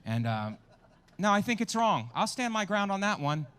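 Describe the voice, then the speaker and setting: A man's voice: high-pitched, sing-song, moderate pace, a bit bright, clear, resonant tone. A man performing a stand-up comedy set with crude, self-mocking crowd work, at a small outdoor show.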